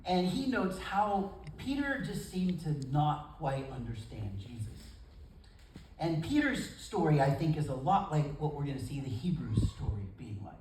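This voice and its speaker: Man, pastor, sermon, folksy, lively pitch, acts out quotes, echoey room, far from mic. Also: a little slow, slight background noise. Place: church service in a gym.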